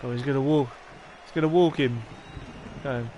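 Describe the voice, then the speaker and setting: A man's voice: medium pitch, normal speed, mellow, a little hiss or hum. A man live-streaming a baseball game, talking in a rambling, stuttering, encouraging way. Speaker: gaming streamer.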